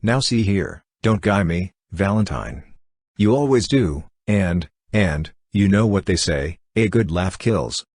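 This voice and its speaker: Man reading nervous stammering young guy, deep voice, dry. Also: lively intonation, slow, darkish tone, no room sound, exaggerated voice. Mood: flustered. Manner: stammering, awkward. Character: young man, flustered and uneasy.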